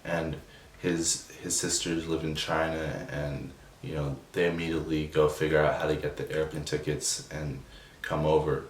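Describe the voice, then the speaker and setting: A young man telling a personal story in a subdued, emotional way, halting with many restarts and fillers. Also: very deep voice, little pitch movement. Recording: roomy echo, distant from the mic, faint noise.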